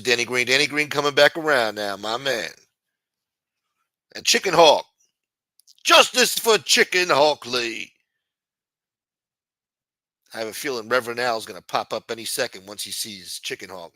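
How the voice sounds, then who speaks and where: Hosting a livestream, this man reacts to his chat and thanks supporters with crude, mocking, profane commentary. His voice sits on the low side, pushed and bright, recorded clean in a studio with no echo.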